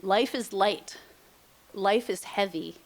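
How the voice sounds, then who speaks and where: A middle-aged woman delivers a heartfelt motivational presentation on aging and senior housing. She talks slowly at a medium pitch, stressing and restating her points with visible emotion.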